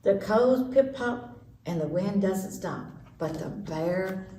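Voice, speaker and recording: A woman reading a children's story aloud with slow, expressive delivery. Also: mid-range voice. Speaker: story time reader. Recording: echoey room, distant mic, faint noise.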